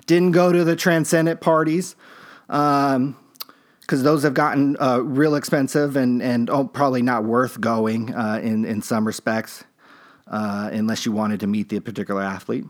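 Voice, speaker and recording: A man's voice: medium pitch, steady tone, moderate pace. A man hosting a podcast, telling a story in a rambling, laid-back way with many fillers and restarts. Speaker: podcast host. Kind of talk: casual storytelling monologue.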